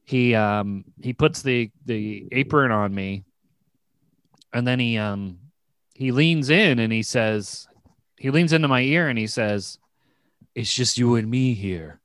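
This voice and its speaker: A man's voice: medium pitch, takes it slowly, fairly bright tone, clean tone, no echo. Guy rambling through a funny story, laughing a lot, dry close mic. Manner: rambling storyteller, laughs often, many restarts. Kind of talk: casual comedic chat.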